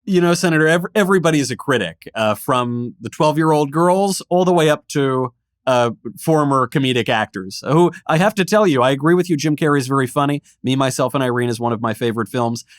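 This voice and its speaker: Guy co-hosting a podcast, teasing and quick with jokes, reads listener questions, mid pitch, dry close mic. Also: no room sound. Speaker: podcast co-host. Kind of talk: casual chat, interviewing.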